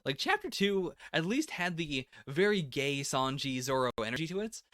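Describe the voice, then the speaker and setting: Speaking at a moderate pace, this man sounds a little high, fairly bright and very animated as he chats loosely through a live manga chapter reaction. He says "like" a lot and laughs often, and his laptop setup gives clean, studio-quality audio with no room sound.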